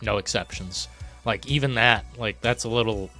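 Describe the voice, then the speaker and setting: A frustrated man vents on his live stream, cursing freely and lurching between low grumbles and sudden shouts. His voice sits at an ordinary pitch with a bright, forceful edge. Soft background music plays faintly under him. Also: moderate pace. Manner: frustrated, profane, swings from muttering to shouting; reads chat messages aloud. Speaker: livestream host. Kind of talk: ranting live chat.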